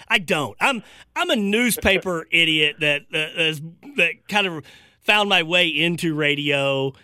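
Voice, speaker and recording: A man hosts a relaxed sports radio talk show in a bright, slightly high voice. He is chatty and self-deprecating, and often restarts his sentences. The studio sound is dry and close. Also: no echo.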